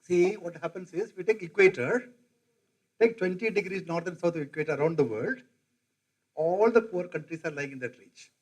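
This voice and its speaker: A man's voice: high-pitched, moderate pace, low-quality recording. An older man gives a conversational classroom lecture, quizzing his audience. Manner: conversational, quizzes the audience, mimics regional accents. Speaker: professor lecturing.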